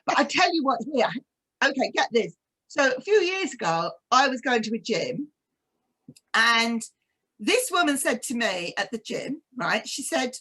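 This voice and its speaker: A woman from East London with a softened English accent, chatting casually as a co-host and telling stories. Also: a little high, moderate pace, husky. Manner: chatty storyteller, animated. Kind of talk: casual chat.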